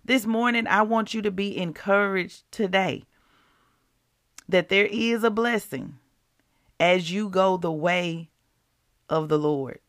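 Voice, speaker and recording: A woman's voice: medium pitch, slow pace, pauses often, dry recording, studio quality. A woman hosting a devotional podcast, chatting casually and asking the listeners rhetorical questions.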